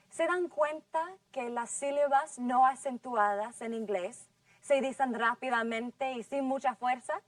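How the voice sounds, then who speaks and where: Brief: woman teacher, fairly high voice, patient drill delivery, dry sound from off-mic. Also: no room sound, recorded from a distance. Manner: patient, drawn-out model words. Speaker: English teacher. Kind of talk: scripted classroom lesson.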